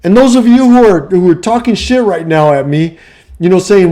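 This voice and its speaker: A middle-aged man ranting casually on his vlog, profane and heated, swinging from low muttering to shouting. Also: very animated, moderate pace. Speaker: vlogger and life coach.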